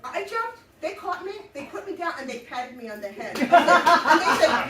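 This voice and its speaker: Middle-aged New woman, high and animated, live storyteller heard from a distance in an echoey room. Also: moderate pace, hardly any pauses. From New York. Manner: animated, laughing often, blunt and salty. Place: live show venue. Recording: roomy echo, mic at a distance.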